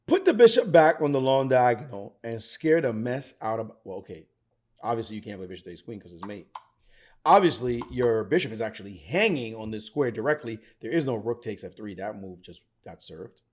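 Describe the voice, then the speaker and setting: A middle-aged man teaching chess, excitable and theatrical, talking straight to the viewer. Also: mid-range voice, brisk. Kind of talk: animated chess commentary.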